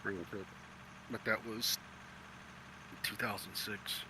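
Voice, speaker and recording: Low-voiced man over background noise. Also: fairly even intonation, slow pace. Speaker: co-player. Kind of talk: casual chat while playing. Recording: noisy background.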